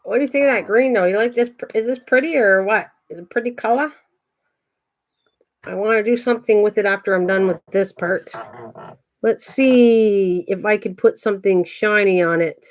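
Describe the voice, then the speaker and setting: A woman's voice: medium pitch, normal speed. Chatty older woman crafting live. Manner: chatty, thinks aloud, greets viewers by name. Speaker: craft channel host. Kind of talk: casual livestream chat while crafting.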